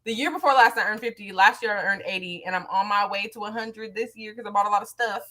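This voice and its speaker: A young adult woman co-hosting a casual chat, chatty and eager with quick asides. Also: mid-range voice, bright, forceful tone. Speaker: podcast co-host.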